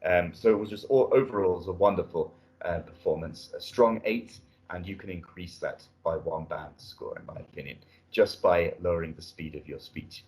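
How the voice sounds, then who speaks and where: A man's voice: sits low, moderate pace, hardly any pauses, darkish tone. A middle-aged British man giving spoken feedback as a speaking test examiner. He is encouraging and often restarts phrases. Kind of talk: spoken feedback on a mock exam. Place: indoor room at a language academy.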